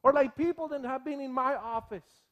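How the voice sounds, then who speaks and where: A man delivers a sermon from the pulpit with an unusually high-pitched voice. His delivery is animated, and he breaks into quick impressions of the people in his stories. He teaches and jokes with the congregation as he goes. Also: highs cut off. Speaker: pastor.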